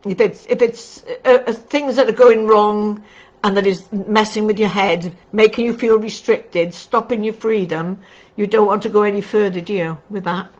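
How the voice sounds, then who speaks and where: A woman's voice: medium pitch, fairly even intonation, normal speed, a little mellow. A middle-aged woman giving a casual livestream tarot reading, chatty and affectionate, calling viewers darling. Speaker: tarot card reader. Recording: dull lo-fi recording with faint noise.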